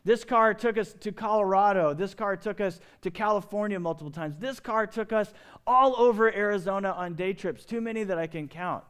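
A middle-aged man and pastor, preaching a sermon with lively storytelling and big swings in pitch and loudness. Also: brisk, clean tone.

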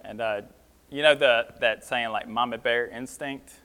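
A man's voice: medium pitch, fairly even intonation, a little slow, sharp tone. A man preaching a sermon, talking through scripture in a plain, conversational way with some fillers. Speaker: pastor. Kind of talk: sermon teaching.

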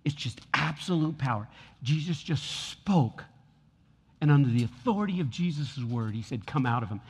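A man's voice: on the high side, expressive, normal speed, slightly rough. Male pastor, church sermon, big hall echo, repeats for emphasis. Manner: preaching with rising force and repeated lines. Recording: long hall reverb.

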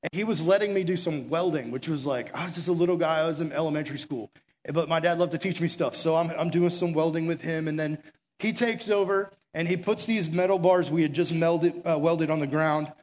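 Earnest preacher, slightly high voice. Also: male voice, a little fast. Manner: earnest, urgent pleading with quiet intimate stretches; conversational storytelling with filler words. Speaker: pastor. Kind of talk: sermon.

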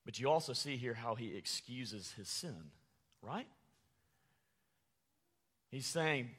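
A man preaching a sermon as pastor, animated, acting out angry quotes with sarcasm. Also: mid-range voice, slow pace, pauses often, breathy edge, long reverb tail.

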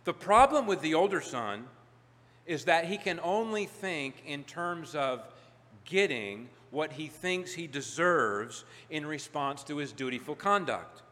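Bright-voiced preacher in a reverberant hall. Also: male voice, animated, measured pace. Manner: emphatic, building to loud peaks then dropping low. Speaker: pastor. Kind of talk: sermon.

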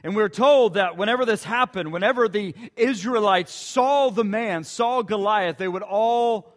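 Slow, high-voiced male preacher. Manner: emphatic storytelling with dramatic repetition. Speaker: pastor. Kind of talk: sermon.

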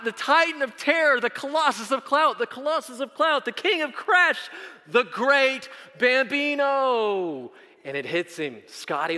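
A man in his thirties preaching a sermon, telling stories with animated delivery and acting out the people in them. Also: medium pitch. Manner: animated storytelling, acts out characters. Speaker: pastor. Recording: echoey hall.

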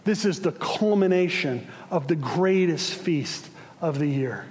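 Man preaching, high voice, slow deliberate delivery, dramatic sermon storytelling, hall reverb. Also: expressive. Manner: building to impassioned shouts then dropping hushed. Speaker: pastor.

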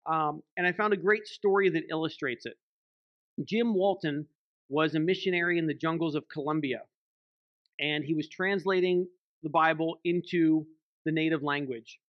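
A man's voice: fairly high pitch, steady tone, moderate pace, no room sound, muffled recording. A man, a church elder, preaching a sermon in a conversational way, often checking in with the congregation by asking "right?". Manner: conversational, frequent "right?" tag questions.

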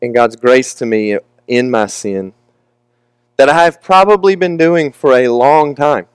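A man's voice: medium pitch, lively intonation, measured pace, clean tone, no room sound. A young man preaching a candid, emotional, confessional sermon with casual asides.

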